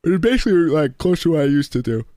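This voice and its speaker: A man's voice: fairly high pitch, very animated, dark tone, no room sound, clean studio sound. Rambling young man chatting on stream. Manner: rambling, slangy, quick restarts. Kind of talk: casual stream chat.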